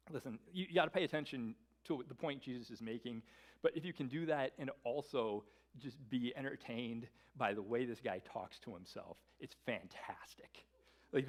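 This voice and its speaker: A male pastor preaching a sermon as an animated storyteller, peppering his speech with "like.". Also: on the high side. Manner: animated storyteller, lots of filler "like". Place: church service.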